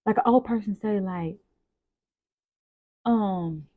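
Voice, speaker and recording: A young woman speaking, hosting a casual spoken devotional with animated, repetitive, preacher-like emphasis and rhetorical questions. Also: medium pitch, slow pace, no echo, phone-quality sound. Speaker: host journaling aloud on faith.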